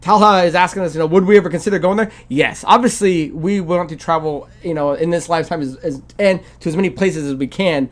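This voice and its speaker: A man hosting a casual video game podcast, his voice sitting a little high. He rambles loosely, circling back with fillers and restarts. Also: fast, few pauses. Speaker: podcast host.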